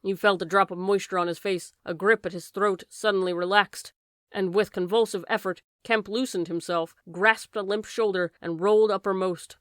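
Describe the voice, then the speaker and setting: A woman narrating a classic science fiction novel as an audiobook, reading dramatically and raising her voice for shouted lines. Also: medium pitch, steady tone, normal speed, no echo, clean studio sound. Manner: raises voice sharply for shouted lines.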